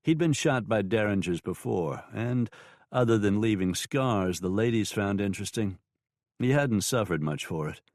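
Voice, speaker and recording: A man narrating a western novel audiobook in a measured, even storytelling manner. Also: lowish voice, no room sound, studio quality.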